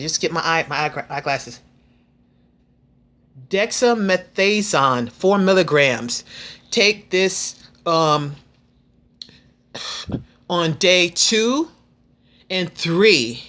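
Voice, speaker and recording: A woman in her fifties talking straight to her viewers in a casual vlog. Her voice is bright and forceful. She is frank, earnest and full of faith, and she often stops and restarts her sentences. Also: low-pitched. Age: 50s. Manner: chatty with frequent restarts. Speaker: vlogger.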